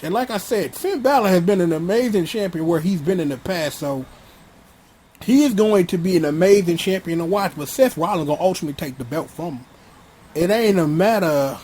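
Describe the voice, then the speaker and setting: A man giving a blunt, slangy, casual rant about a wrestling event as a vlog host. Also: high-pitched. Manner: blunt, slangy, animated ranting. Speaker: wrestling commentator vlogger.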